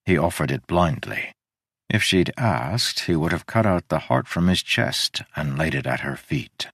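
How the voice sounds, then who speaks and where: A man reads a novel aloud with steady, deliberate pacing. His voice is very deep. The recording is close and dry, with no room echo. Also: creaky, husky. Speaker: audiobook narrator. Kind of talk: scripted narration.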